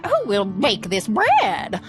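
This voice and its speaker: A woman's voice: medium pitch, huge pitch swings, slow, over loud music. A woman voicing a hardworking, feisty little red hen in a storybook reading, cheery and exclaiming, with stammering restarts. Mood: calling out.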